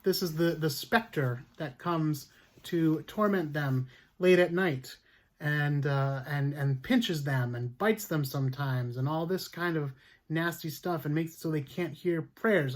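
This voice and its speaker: A man's voice: on the high side, a little slow. A man hosting a history podcast, telling a story casually with lots of fillers and restarts. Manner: chatty, many fillers and restarts.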